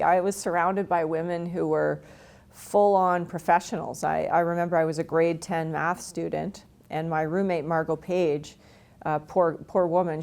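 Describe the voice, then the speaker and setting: A Canadian woman in her forties, a retired hockey player, tells stories candidly in an interview, often laughing at her own expense. Her voice is fairly low, creaky, and somewhat dark in tone.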